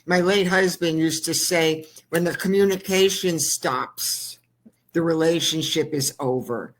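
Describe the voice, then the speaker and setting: A woman's voice: low voice, unhurried. A woman hosting a talk show interview, blunt and opinionated, with a teasing edge. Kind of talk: casual interview chat.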